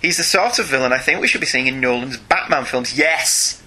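A man's voice: mid-range voice, fairly quick, pushed and bright, slightly rough. A man co-hosting a casual podcast, chatting and reading listener emails aloud. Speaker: podcast co-host. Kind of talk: casual chat.

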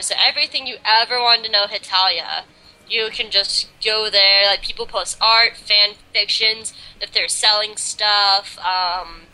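A woman's voice: medium pitch, pushed and bright, rough recording. A young woman chatting casually and eagerly as a podcast co-host, filling her talk with "like". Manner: fast enthusiastic fan talk, many "like"s. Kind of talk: casual chat.

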